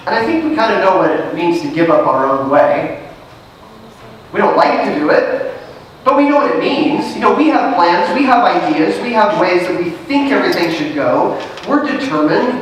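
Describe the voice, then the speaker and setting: A woman's voice: medium pitch, expressive, normal speed. A woman pastor preaches from some distance off the microphone, and her voice rings through a very echoey church sanctuary over a faint room hum. She reads scripture aloud, then talks it through with her listeners in an easy, conversational way, full of questions. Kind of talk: sermon. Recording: very echoey sanctuary, picked up from afar.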